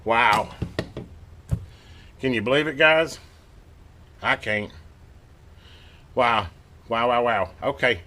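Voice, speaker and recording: A man hosting a radio repair video, chatting casually and excitedly to viewers as he tests and works at his home workbench. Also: medium pitch, takes it slowly, pauses often. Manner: excited, rambling, talks to viewers while working. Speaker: radio repair channel host. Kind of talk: casual hands-on workbench narration.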